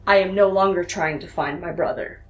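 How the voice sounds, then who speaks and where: A woman voicing a hurt, fierce young woman rebel pilot in a tabletop role-play, earnest and pleading, with deliberate pauses, recorded in a roomy space. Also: fairly low pitch, soft background music, natural voice. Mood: anguished. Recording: roomy echo.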